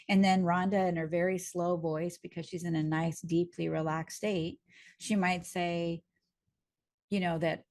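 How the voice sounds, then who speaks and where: Gravelly woman teaching hypnotherapy calmly. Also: fairly low pitch, measured pace. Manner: calm, explanatory, uses homely images. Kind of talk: teaching a training lesson.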